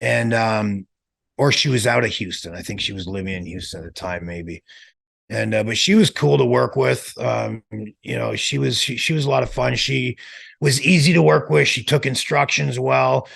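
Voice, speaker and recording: A middle-aged man, a former wrestler, telling relaxed, rambling stories in an interview. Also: medium pitch, normal speed, creaky, husky. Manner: relaxed, rambling, many restarts. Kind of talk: casual storytelling.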